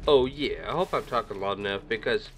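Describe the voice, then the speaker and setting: Game music plays as a man comments on his own play, brisk and fairly low in pitch. He's a gaming video creator who rambles chattily and talks to himself, his desk mic set slightly too far away.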